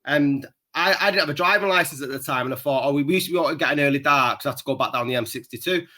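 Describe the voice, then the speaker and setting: Male podcast co-host, somewhat high, bright and tense, rambling sweary anecdotes. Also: rapid-fire. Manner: rambling, swears constantly, laughs at his own story. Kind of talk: casual storytelling chat.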